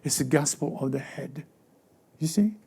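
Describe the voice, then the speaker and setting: Guy preaching a sermon, kinda high, mellow voice, keeps stammering and restarting. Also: creaky, slightly rough. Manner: halting, with frequent stammered restarts and repeated words; conversational preaching, acting out everyday voices. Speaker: lead pastor.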